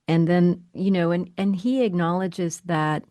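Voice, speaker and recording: A woman's voice: lowish voice, steady tone, measured pace, warm tone, no echo. A woman co-hosting a podcast, discussing a short story in a thoughtful, hedging way that often checks for agreement. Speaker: podcast co-host. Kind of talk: casual literary discussion.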